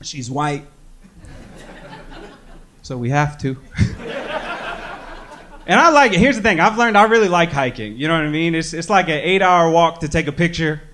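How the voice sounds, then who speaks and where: Man doing stand-up, fairly high voice, loose rambling delivery, club mic, faint noise. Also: expressive, moderate pace, long pauses. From American Midwest. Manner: conversational, self-deprecating, frequent "you know". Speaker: stand-up comedian. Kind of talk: stand-up comedy set. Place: comedy club stage with audience.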